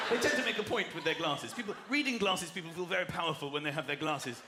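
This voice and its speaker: A man from southern England doing a stand-up comedy routine, animated, mimicking people and putting on voices. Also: on the high side, quick pace, heavy background noise. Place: large comedy venue with audience. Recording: echoey venue with loud crowd laughter.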